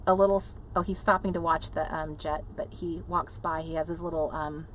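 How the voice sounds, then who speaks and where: A woman's voice: deep voice, little pitch movement, brisk, fairly bright tone, slight background noise. Chatty woman livestreaming from an RV. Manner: chatty, rambling, laughs often, reads viewer comments aloud. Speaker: livestream host. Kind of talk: casual live chat with viewers. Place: inside an RV.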